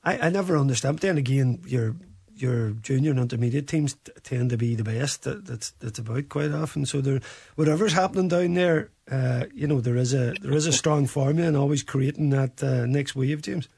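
Gravelly radio sports host. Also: male voice, mid-range voice, a little fast, darkish tone. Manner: chatty, teasing, frequent restarts. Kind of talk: casual radio sports chat.

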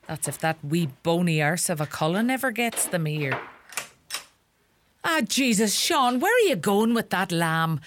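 An actress playing a middle-aged Irish farm mother, sharp-tongued and fussing, with an Irish accent. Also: lowish voice, sing-song, measured pace, noisy background. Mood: scolding. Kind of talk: comedy sketch acting.

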